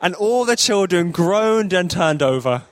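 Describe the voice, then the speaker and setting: A man's voice: sits high, lively intonation, measured pace, dry recording. A man telling a children's story in church, playful with jokey asides. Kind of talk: lively read-aloud storytelling.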